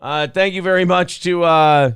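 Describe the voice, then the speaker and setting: A man co-hosting a talk stream, joking crudely and reading viewer donations between quips. His voice sits a little high for a man, and it is recorded close and dry with no room sound. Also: fairly even intonation, moderate pace, fairly bright tone, smooth, dry recording. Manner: reads donations, swears freely. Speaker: podcast co-host. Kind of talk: casual crude banter.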